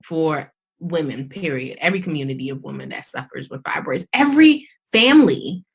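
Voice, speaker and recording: A woman's voice: sits low, lively intonation, moderate pace, creaky, slightly rough. A woman surgeon as a podcast guest, telling her story candidly and with animation, using casual slang. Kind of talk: conversational podcast interview.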